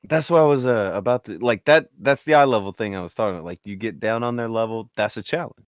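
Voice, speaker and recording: A man in casual chat on a stream, jumping in with quick, incredulous reactions and some swearing. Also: fairly low pitch, clean tone, no room sound, clean studio sound.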